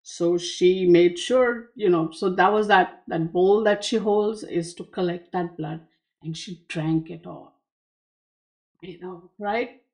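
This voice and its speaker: Slow, storytelling woman tarot reader. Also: on the low side, a little mellow. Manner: storytelling, unhurried, with asides. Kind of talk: explaining a myth behind a card image.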